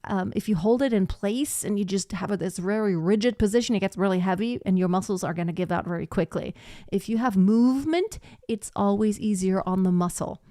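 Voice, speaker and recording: A woman's voice: medium pitch, a little fast, dark tone, no room sound, studio quality. A woman voice teacher giving a live singing lesson, explaining technique and breaking into short sung demonstrations.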